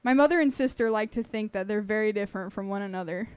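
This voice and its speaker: A woman's voice: mid-range voice, fast, a little mellow, smooth, no room sound. Woman reading her own story aloud.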